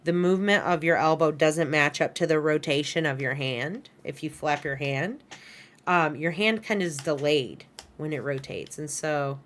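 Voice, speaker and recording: A woman with a low voice walks her students through an animation lesson while working at her computer. She talks casually, fills her sentences with "right?" and "kind of", and corrects herself mid-thought. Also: a little slow, slight background noise. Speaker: animation instructor. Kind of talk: recorded class lecture. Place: screen-share lesson at a computer. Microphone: headset or desk mic she adjusts.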